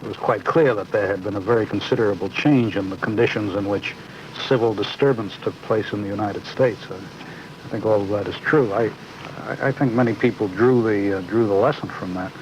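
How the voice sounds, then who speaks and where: A man working as a television newsman, asking questions in a measured, formal way. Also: on the low side. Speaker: TV newsman interviewer. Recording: dull lo-fi 1970s archive audio with faint hiss.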